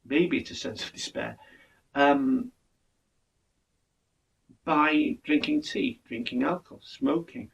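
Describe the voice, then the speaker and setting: An older man, talking in an earnest, measured monologue and often restarting his words. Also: on the high side, vocal fry, recorded from a distance, highs cut off. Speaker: podcast speaker. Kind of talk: reflective monologue.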